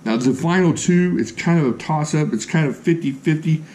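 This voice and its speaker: A man reviewing knives at a table in a casual vlog, gushing excitedly and joking about himself. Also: a little high, normal speed, slight background noise. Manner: excitable, gushing, self-deprecating jokes. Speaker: knife reviewer. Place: indoors at a table.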